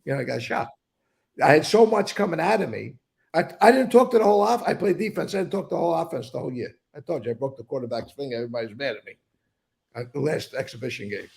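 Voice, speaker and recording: A man's voice: mid-range voice, lively intonation, fast, creaky, darkish tone. An older man telling blunt, rambling stories in a casual interview, swearing freely. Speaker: interview guest.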